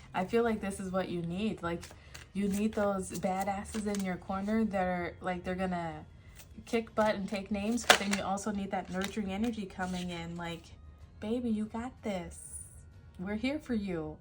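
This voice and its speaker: Emphatic woman giving a tarot reading. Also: medium pitch. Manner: emphatic, laughs and sighs often. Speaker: tarot reader. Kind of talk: casual spiritual reading.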